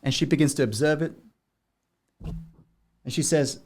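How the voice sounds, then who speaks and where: A man's voice: fairly high pitch, unhurried, long pauses, a little mellow. Earnest man narrating a motivational story.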